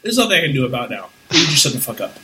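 A man's voice: medium pitch, racing, a little hiss or hum. A man on a casual comedy podcast, swearing freely as he tells stories. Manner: profane, animated storyteller. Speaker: podcast co-host.

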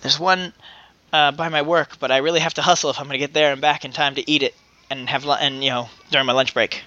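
A man's voice: a little high, steady tone, quick pace, sharp tone, no room sound, muffled recording. A man co-hosting a podcast in casual chat, rambling and laughing often. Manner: chatty, laughs often, trails off and restarts. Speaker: podcast co-host.

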